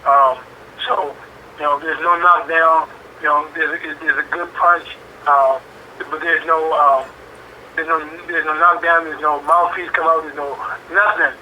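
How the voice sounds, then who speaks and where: Man, 40s, boxer guest; bright, tense voice, animated and repetitive, faint hiss behind. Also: on the high side, measured pace, low-quality recording. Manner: animated, repeats phrases, many fillers. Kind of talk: interview talk.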